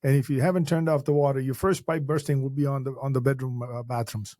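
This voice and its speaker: A man's voice: mid-range voice, steady tone, fast, dark tone, slight background noise. A man from Canada, an insurance broker guest, talking bluntly and frankly in a casual podcast chat, with jokes mixed in.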